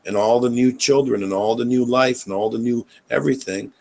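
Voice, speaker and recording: A man's voice: medium pitch, fairly quick, vocal fry, darkish tone, rough recording. A man hosting a casual live chat on a video call, questioning and pushing back on his guest. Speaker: host.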